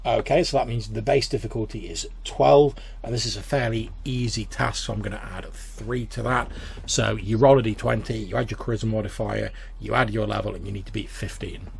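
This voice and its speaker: Male game master, gravelly voice, casual rambling narration, faint background hiss. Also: lowish voice, steady tone, fairly quick. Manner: casual, rambling, filler-heavy.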